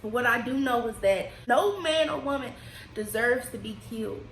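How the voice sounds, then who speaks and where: Woman vlogger, high voice, emotional and casual, echoey room recording. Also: normal speed, fairly bright tone, a little hiss or hum. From United States. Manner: emotional, rising and falling with feeling, Southern-tinged casual speech. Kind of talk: impassioned personal vlog. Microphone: desk microphone.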